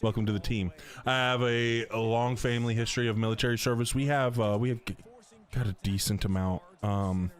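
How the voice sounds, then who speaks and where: On a casual gaming stream, a middle-aged North Carolinian banters with viewers, using slang, cracking jokes and reading chat aloud. His mid-range voice stays steady and brisk.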